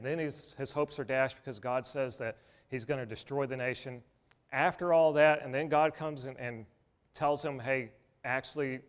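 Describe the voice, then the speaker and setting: Male preacher, mid-pitched voice, folksy and easygoing, talks a sermon through like a chat. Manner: folksy, repeats words and restarts, chuckles at times. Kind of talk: conversational sermon.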